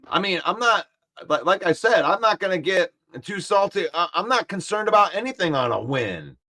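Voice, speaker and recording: A man hosting a casual sports talk stream, animated and argumentative, repeating points for emphasis. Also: high voice, normal speed. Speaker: sports show host. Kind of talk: casual live-stream chat, reading comments.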